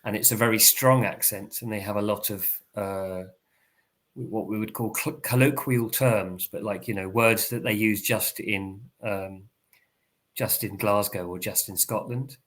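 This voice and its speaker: An Englishman tutoring online, explaining patiently and clearly over a video call. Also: on the low side, steady tone, a little slow, a bit bright. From England.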